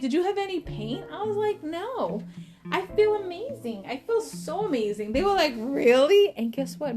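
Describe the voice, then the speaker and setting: Chatty woman vlogger over background music. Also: on the high side. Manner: chatty, animated, repeats words for emphasis. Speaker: vlogger, mother of four. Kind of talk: casual storytelling to camera.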